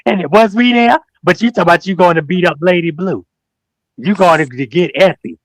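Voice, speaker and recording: A guest on a livestream talk show, this man has a somewhat high voice and speaks briskly in a heated call-out, emphatic and preachy, addressing people directly and repeating phrases. He tells slangy, animated stories full of mock quotes, and the sound is dry and close with no room sound.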